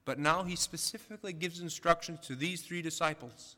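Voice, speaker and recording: A man's voice: fairly high pitch, fairly quick, bright, forceful tone. Man preaching in a reverberant hall. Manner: preaching with rising emphasis and rhetorical questions. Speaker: pastor. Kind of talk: sermon.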